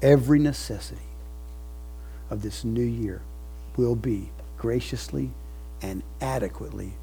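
Man, preacher, mellow husky voice, faint music underneath, swells loud then drops soft. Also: medium pitch, measured pace, rough recording. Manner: preaching with swelling emphasis, dropping soft at phrase ends; leads congregation in recited scripture. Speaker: pastor. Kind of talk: sermon.

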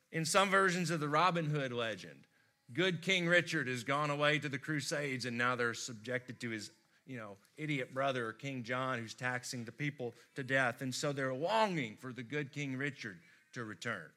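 An American man preaching a sermon, telling stories expressively and swinging from loud emphasis to hushed tones. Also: fairly high pitch. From United States. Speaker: pastor.

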